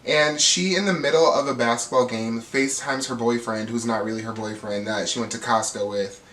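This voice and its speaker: A man recapping reality TV in a gossipy, animated way, popping into the cast's voices and laughing along. His voice sits at an ordinary middle pitch. The sound is roomy and echoey, with the mic a little distant. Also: fairly quick. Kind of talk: casual recap commentary.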